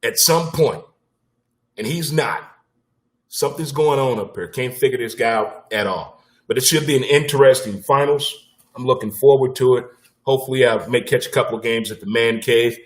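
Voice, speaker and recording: A man hosting his own sports talk show in a loose, unscripted monologue. His delivery is blunt and animated, salted with casual swearing, and he likes to repeat a line for emphasis. The voice sits at a plain middle pitch. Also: moderate pace.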